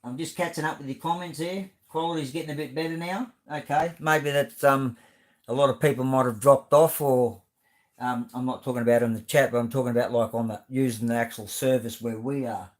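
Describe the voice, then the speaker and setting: A man's voice: mid-range voice, fairly even intonation, fairly quick. Rambling Australian man hosting a live stream. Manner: rambling, friendly, lots of fillers and restarts. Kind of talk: casual live-stream chat reading comments.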